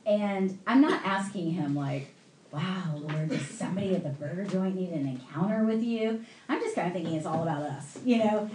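Animated woman pastor telling a story. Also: on the low side, echoey room, a little hiss or hum, low-quality recording. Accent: Southern American. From American South. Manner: animated, laughing storyteller acting out quoted voices. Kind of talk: sermon storytelling.

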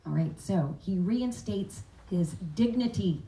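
A woman giving sermon-style Bible teaching, animated and questioning her listeners, acting out the words of the father in the story. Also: mid-range voice, slow pace. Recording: echoey room, voice from a distance.

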